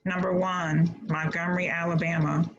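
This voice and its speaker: A woman tutoring a class over a video call, reading answers in a patient, steady way. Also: lowish voice, normal speed. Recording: dull video-call audio.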